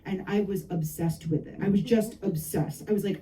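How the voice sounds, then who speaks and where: Brief: woman author, warm dark tone, chatty anecdotal storyteller, recorded from across the room. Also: medium pitch, normal speed, distant mic, a little hiss or hum, poor audio. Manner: lively anecdotal, frequent laughs and asides. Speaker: novelist discussing her book. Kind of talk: storytelling talk at a book event. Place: bookshop event.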